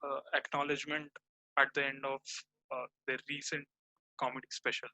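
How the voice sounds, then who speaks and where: Bright-voiced man hosting a podcast. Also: mid-range voice, normal speed, slight background noise, rough recording. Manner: relaxed, reads out a list. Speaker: podcast host. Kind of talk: casual chat.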